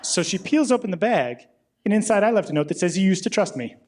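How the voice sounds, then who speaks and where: A man in his thirties doing a deadpan stand-up set on a club stage into a handheld mic. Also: high-pitched, fast, very noisy. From Illinois. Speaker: stand-up comedian.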